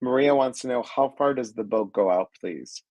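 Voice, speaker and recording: A man's voice: mid-range voice, moderate pace, no echo. A man hosting a casual interview and reading viewer comments aloud. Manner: relaxed, reads comments aloud.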